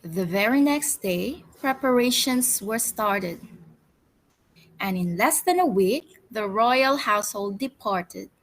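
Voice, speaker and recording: Slow, expressive woman storyteller. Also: medium pitch. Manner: expressive, deliberate. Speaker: teacher storyteller. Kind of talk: reading a picture book aloud to children.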